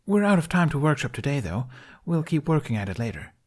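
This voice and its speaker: A man reading a story aloud, voicing an upbeat woman performer who talks in an excited rush. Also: on the high side, voice pushed up. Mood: chipper. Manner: upbeat, rushing, borderline frantic. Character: bubbly chipper woman performer. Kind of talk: audiobook character voice.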